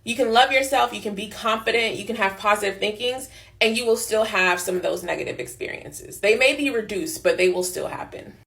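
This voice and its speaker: Earnest woman with gravelly fry. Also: mid-range voice, a bit bright. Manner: measured, affirming, deliberate. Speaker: social media commentator. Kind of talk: earnest direct-to-camera advice.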